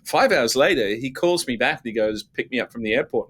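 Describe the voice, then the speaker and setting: A man's voice: medium pitch, a little fast. Chatty man telling stories. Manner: animated, self-mocking anecdotes with many restarts. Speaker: guest. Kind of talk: casual storytelling.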